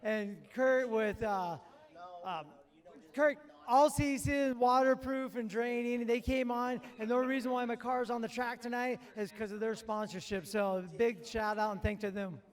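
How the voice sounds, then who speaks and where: A man's voice: very high-pitched, steady tone, moderate pace. A race driver, a man, talking after the race in a rambling way, often saying you know what I mean.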